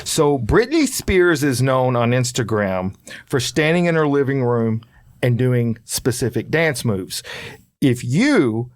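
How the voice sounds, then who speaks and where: A man's voice: mid-range voice, lively intonation, takes it slowly, no room sound, clean studio sound. A man hosting a podcast in casual chat, reading out listener questions with a jokey, teasing manner. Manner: jokey, teasing, playful asides.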